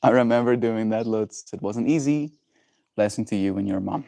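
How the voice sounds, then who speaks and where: A man hosting a livestream, chatting with viewers and musing slowly and gently about emotions. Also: fairly low pitch, gravelly, no room sound. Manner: gentle, musing, thoughtful pauses. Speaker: livestream host. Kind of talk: reflective livestream chat.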